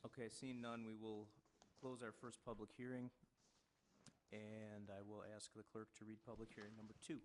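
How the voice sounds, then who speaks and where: A man's voice: on the low side, completely flat delivery, normal speed, slight background noise. A man, the mayor, chairing a city council meeting and calling for public comments in a brief, procedural way. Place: council chamber.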